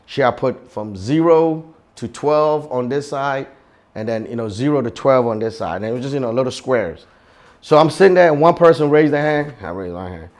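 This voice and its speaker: A man's voice: mid-range voice, animated, normal speed, a little mellow. A man from Ghana, a fashion entrepreneur, telling his story in an interview with passion and emphasis, acting out the voices he quotes.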